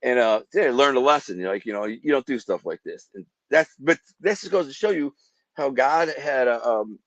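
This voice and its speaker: Animated man telling dramatic stories. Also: mid-range voice, moderate pace, dry recording, lo-fi sound. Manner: vivid, acts out gunshots with sound effects. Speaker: guest telling life stories. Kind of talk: animated storytelling.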